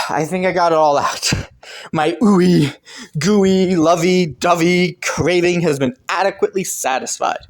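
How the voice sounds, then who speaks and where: A man voicing Killua as a devoted young boyfriend in a romantic listener role-play audio, talking softly with many sighs and little laughs. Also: sits high, measured pace. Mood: tender teasing. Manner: soft, sighing, breathy little laughs. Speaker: voice actor.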